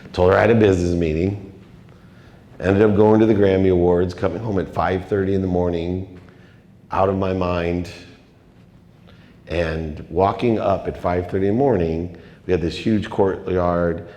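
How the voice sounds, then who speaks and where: Deep-voiced man speaking in an echoing hall. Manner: confessional, emotional, dramatic swings in loudness. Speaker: keynote speaker. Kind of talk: motivational storytelling speech. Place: large event hall. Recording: echoey hall with long reverb.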